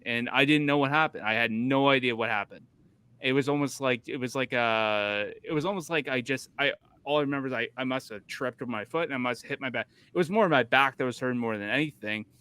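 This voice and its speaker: A man's voice: mid-range voice, pushed and bright, clear, resonant tone, dry recording. A man hosting a casual podcast chat, telling a rambling story full of restarts. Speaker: podcast host.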